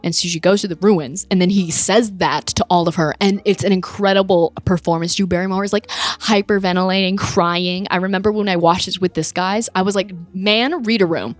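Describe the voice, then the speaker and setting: A woman's voice: fairly low pitch, a little fast, few pauses, soft background music. Chatty young woman retelling a film. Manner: animated retelling with acted-out quotes. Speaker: podcast co-host. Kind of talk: casual movie-review chat.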